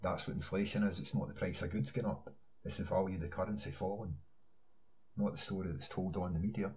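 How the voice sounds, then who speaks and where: A man's voice: sits low, fairly even intonation, normal speed, low-quality recording. A man in a ranting online monologue, insistent, firing rhetorical questions and filling gaps with "you know". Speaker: online commentator.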